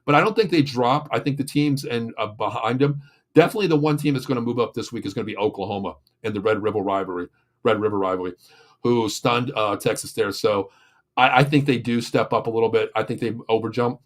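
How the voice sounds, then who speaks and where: A man's voice: medium pitch, quick pace. A man from the Pittsburgh area, hosting a sports show and venting in a rambling, casual rant full of fillers and restarts, then reading sponsor spots. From Pittsburgh area, USA.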